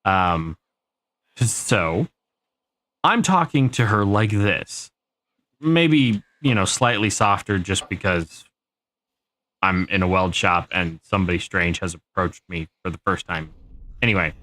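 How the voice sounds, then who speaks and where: Profane, rambling low-voiced man streamer. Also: animated, takes it slowly, pauses often, sharp tone, dry recording. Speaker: live streamer. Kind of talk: casual storytelling while gaming.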